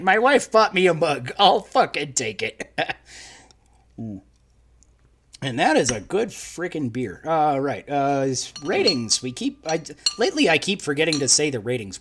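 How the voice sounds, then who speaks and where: A young male co-host talking loosely over a live stream. His voice sits a little on the high side, and he rambles, restarts and laughs as he goes. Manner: rambling, laughing, self-interrupting. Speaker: podcast co-host. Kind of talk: casual live-stream chat.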